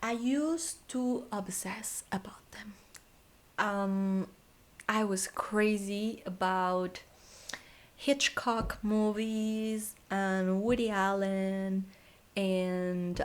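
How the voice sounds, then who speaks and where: Tired young woman doing a casual q&a, yawny, half whispering, laughs a lot. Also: mid-range voice. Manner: tired, yawning, drifts into soft whispers, laughs often. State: sleepy. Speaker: content creator answering fan questions. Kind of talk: casual Q&A vlog.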